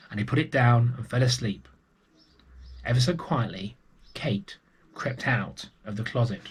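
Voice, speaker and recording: A man reading a picture book aloud to young children, gentle and unhurried. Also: mid-range voice, husky. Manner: gentle and unhurried, with small restarts.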